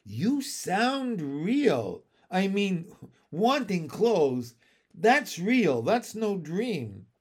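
A dreamy young storybook princess who gasps and flutters through every line, as a male narrator puts her on. Her voice swoops up and down in lively leaps, and she speaks slowly, as if every word catches her off guard. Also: sits high, breathy edge, voice pushed up, exaggerated voice. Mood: flustered. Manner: breathless, flustered exclamations. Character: flustered young human princess, shy and dreamy.

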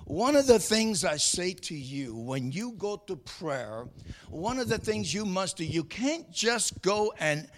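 A man's voice: sits high, big pitch swings, takes it slowly. A man preaching a sermon, reading scripture aloud and preaching with rising fervor, often restarting and repeating words. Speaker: pastor.

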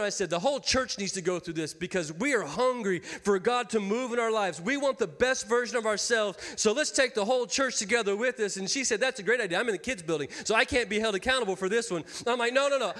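A man in his thirties preaches to his church in a high, light voice, folksy and quick to joke with the congregation. His words ring out with a long hall reverb around them. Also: a bit bright. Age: 30s. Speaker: pastor. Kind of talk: sermon. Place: church sanctuary.

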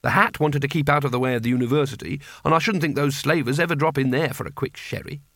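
A man's voice: mid-range voice, steady tone, fast, fairly bright tone, no room sound, studio quality. A man voicing a nervous, cowardly male wizard who talks in a defensive, whiny way.

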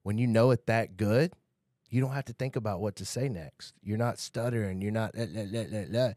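A man's voice: lowish voice, moderate pace, no room sound, clean studio sound. A man talking casually on a podcast, telling stories about sales training and acting out quotes. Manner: relaxed storytelling, acts out quotes, swears casually. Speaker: podcast guest, sales coach. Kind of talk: casual chat.

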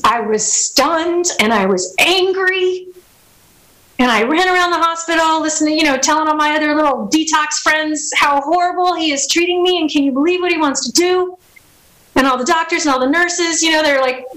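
A woman with a high voice shares her own hard story as personal testimony. She talks in an emotional, halting way, restarting her sentences often. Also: bright, forceful tone, poor audio. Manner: acts out remembered dialogue. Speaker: speaker sharing her recovery story.

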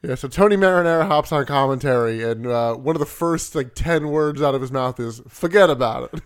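A man's voice: medium pitch, fairly quick, clean tone. A man co-hosting a casual podcast chat, swearing freely and laughing often while working through his notes. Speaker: podcast co-host. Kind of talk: casual wrestling recap chat.

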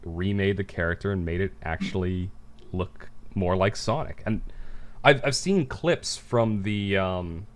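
A man's voice: low voice, unhurried. A young man co-hosting a casual chat, talking in stumbling restarts and swearing freely.

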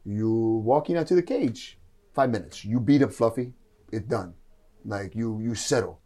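A man putting on the voice of a gentle, soft-spoken big male fighter friend who talks in slow, broken English. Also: fairly low pitch, lively intonation. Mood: puzzled calm.

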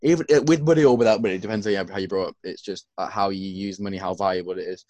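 A man's voice: deep voice, racing, a little mellow, dry recording. A young man, co-hosting a podcast in laid-back, sweary chat, sleepy and yawning. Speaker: podcast co-host. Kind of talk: casual chat.

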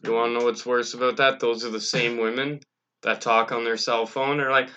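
A man at middle pitch with a very bright, sharp-edged voice grumbles sardonically on a podcast. He swears freely as he complains. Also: little pitch movement, fairly quick. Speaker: podcast co-host. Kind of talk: casual profane chat.

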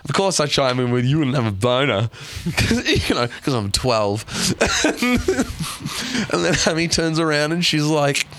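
A man's voice: on the high side, big pitch swings, measured pace, a bit bright, slight background noise. A man, a podcast co-host, telling crude stories in casual chat and laughing a lot.

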